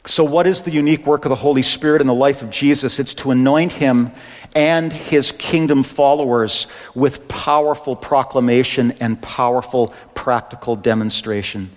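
A male pastor delivers an impassioned sermon and reads scripture passages aloud. His voice is notably high and rings with long reverb. The sound suggests a large hall. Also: moderate pace.

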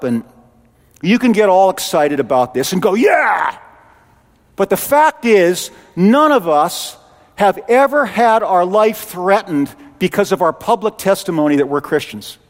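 A man preaching a sermon in an animated, conversational way as a pastor. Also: high voice, long reverb tail. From Canada.

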